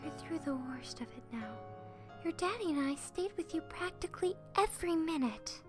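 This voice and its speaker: A woman voicing a gentle, caring young princess in a soft, soothing manner. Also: very high-pitched, expressive, moderate pace, over music. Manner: soft, soothing, urgent at times.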